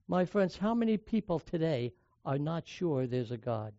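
A man's voice: fairly high pitch, sing-song, moderate pace, dark tone, dry recording, highs cut off. An older man from the United States preaching a sermon, telling personal stories in a conversational way and raising and dropping his volume for emphasis.

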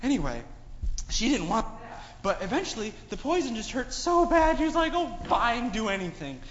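A man's voice: extremely high pitch, moderate pace. A man telling a moral story to children in a sermon, asking them lots of questions. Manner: asks children many questions, animated storytelling. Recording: echoey hall, dull sound, faint noise.

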